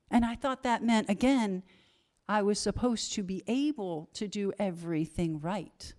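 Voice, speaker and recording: A woman's voice: fairly high pitch, expressive, normal speed, darkish tone. Candid woman giving a recovery talk. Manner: candid, self-deprecating, builds to emphatic repetition. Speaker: conference speaker.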